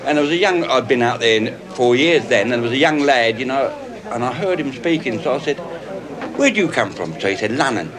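A man telling a war story in a lively way, quoting both sides of the conversation. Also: mid-range voice, quick pace. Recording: crowd chatter behind.

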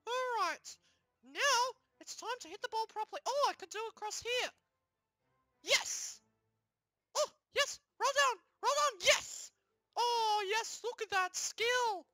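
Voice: very high-pitched, expressive, a little slow, bright, forceful tone, no room sound, clean studio sound, heavily acted. A performer voicing a cheerful, boastful male plumber hero who gloats and giggles in a comic plush game video. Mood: gloating.

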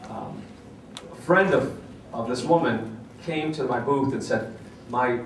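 A man speaks at a seminar, telling an anecdote with plenty of ums and restarts as he plays out both sides of a conversation. His voice sits at an ordinary middle pitch. The recording is distant and very echoey, like a big hall, with a faint hiss underneath. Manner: halting, many fillers and restarts, acts out dialogue. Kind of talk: storytelling talk at a conference.

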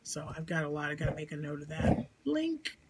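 A woman with a low, sing-song voice speaks fairly quickly, hosting a crochet vlog and podcast from a room at home. Chatty and enthusiastic, she rambles casually about her projects in a Midwestern American accent, and the recording is very noisy.

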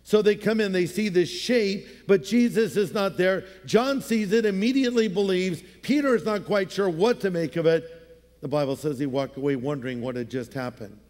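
A high-pitched man preaches from a stage mic, his voice ringing out through a long church-hall reverb. He tells his story in an easy, conversational way and slips into playful voices now and then. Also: normal speed, darkish tone. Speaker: pastor. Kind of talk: sermon.

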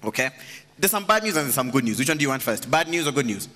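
A man's voice: mid-range voice, sing-song, sharp tone. A man preaching an interactive sermon, joking and teasing the congregation. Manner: joking, teasing, quick to laugh. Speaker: pastor. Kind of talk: interactive sermon with audience questions. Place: large church hall. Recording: reverberant church hall with faint ambience.

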